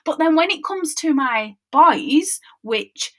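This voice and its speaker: A woman's voice: high-pitched, animated, takes it slowly, pushed and bright. A woman, hosting a casual solo podcast as a mindset coach, chatty and conversational and checking in with her listeners as she goes.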